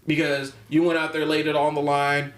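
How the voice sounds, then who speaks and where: With a completely flat delivery, this man speaks at normal speed in a voice that's on the high side and fairly bright. He's a basketball coach co-hosting a casual coaching podcast, rambling through ums and restarts with an occasional chuckle, and the room has a roomy echo.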